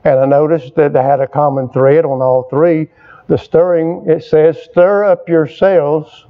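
A man's voice: on the high side, steady tone, normal speed. An older man preaching a sermon, calling on the congregation for amens and repeating his points for emphasis. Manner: call-and-response preaching, prompting the congregation for amens; repetitive, emphatic phrasing. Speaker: pastor. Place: church service with a responding congregation. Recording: dull lo-fi recording.

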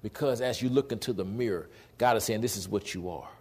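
A man in his forties with a somewhat low voice, preaching a lively sermon. He tells stories with energy and slips into acted-out dialogue. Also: a little fast. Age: 40s. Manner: animated storytelling, acts out dialogue. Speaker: pastor.

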